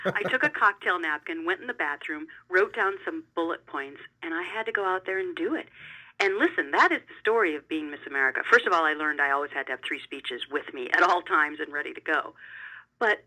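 Bright-voiced woman telling stories animatedly. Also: sits low, a little fast, poor audio. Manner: animated, emphatic, repeats words when excited. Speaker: interview guest, television host. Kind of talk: conversational interview storytelling.

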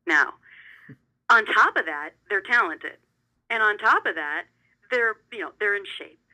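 Bright-voiced woman telling stories animatedly. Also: mid-range voice, unhurried, rough recording. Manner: animated, emphatic, repeats words when excited. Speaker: interview guest, television host. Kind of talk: conversational interview storytelling.

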